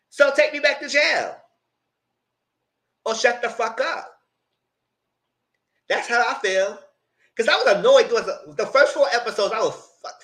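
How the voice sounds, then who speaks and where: A man hosts a casual live recap of reality TV for his channel, talking bluntly and profanely and laughing often. His voice sits high and is a bit bright.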